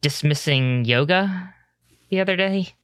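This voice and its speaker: A game master voicing Valerie, a hesitant young adventurer woman who talks in halting starts full of fillers and restarts. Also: mid-range voice, a bit bright, clear, resonant tone, dry recording, voice pushed up, lightly acted. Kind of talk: tabletop role-play in character.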